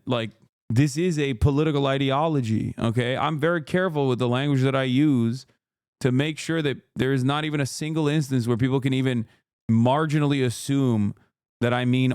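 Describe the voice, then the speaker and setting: Streaming and reacting to clips, a man launches into a heated, profane rant, laughing now and then between points. His mid-range voice has a darkish, clear, resonant tone. It's a dry, clean studio recording of casual reaction commentary.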